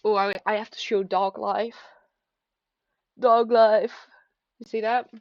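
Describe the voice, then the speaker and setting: Rambling young woman, halting vlog chat. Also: medium pitch, flat delivery, no room sound. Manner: rambling, halting, self-deprecating. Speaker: vlogger. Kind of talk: casual confessional chat. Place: at home, seated at a desk. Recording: dry, slightly dull lo-fi.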